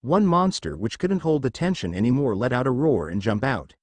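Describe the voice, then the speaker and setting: A young man narrates a fan fiction story in a plain, steady voice. His pitch is animated and varied, and the recording is dry and close. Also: a little fast, no echo.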